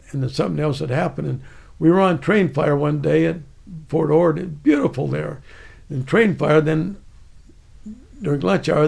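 A man's voice: a little high, darkish tone. An older man, an army veteran guest, telling rambling stories from memory with many restarts. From United States. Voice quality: gravelly, raspy. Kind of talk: casual storytelling.

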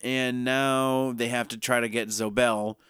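Very clear-voiced man recapping a show. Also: medium pitch, level tone, measured pace, fairly bright tone, no echo, studio quality. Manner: joking, crude, quotes characters in silly voices. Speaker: podcast co-host recapping a TV show. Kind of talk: casual chat.

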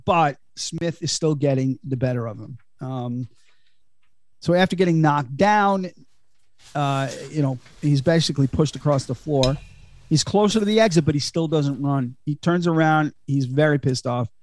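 A man's voice: a little high, darkish tone, dry recording, clean studio sound. Chatty man recapping a film. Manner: chatty, laughing, full of fillers. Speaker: podcast host.

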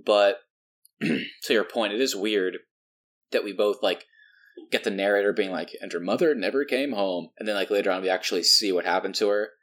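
A man co-hosting a casual movie podcast, talking in an animated way and laughing often. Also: on the low side, moderate pace. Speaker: podcast co-host.

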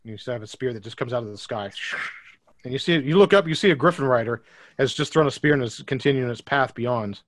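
A man's voice: mid-range voice, quick pace, no room sound. A man narrating a tabletop game as game master, describing scenes with many fillers.

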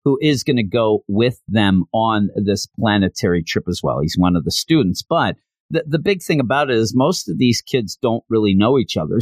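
Casual male recapper, chatty and jokey, mid pitch, dry sound. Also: no echo. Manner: chatty, joking, many fillers. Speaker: reviewer.

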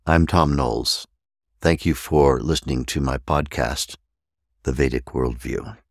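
Male podcast host, very low voice, unhurried teaching delivery, dry close sound, spells out words. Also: gravelly, no room sound. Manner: deliberate, spells out words letter by letter.

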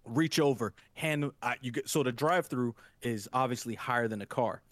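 A young man hosting a podcast, telling a crude story in a casual, profane, animated way and acting out the scene. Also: medium pitch, moderate pace. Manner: animated storyteller, acts out the scene, laughs hard. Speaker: podcast host.

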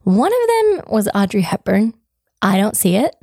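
A woman co-hosting a casual chat, sounding rough and croaky today, chatty and self-deprecating. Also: medium pitch, very animated, normal speed, mellow, dry recording, clean studio sound. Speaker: podcast co-host.

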